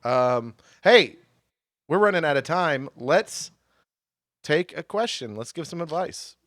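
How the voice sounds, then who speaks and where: A man's voice: on the high side, animated, measured pace, a bit bright, no room sound, studio quality. A young man co-hosting a comedy podcast, chatting casually in a joking, blunt and crude way. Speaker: podcast co-host.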